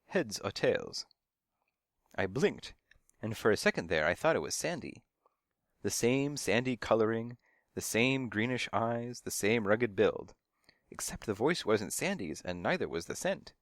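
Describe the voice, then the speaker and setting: A man's voice: lowish voice, very animated, moderate pace, no room sound, studio quality. A man reading a first-person detective story aloud with a wry, hard-boiled delivery. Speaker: audiobook reader.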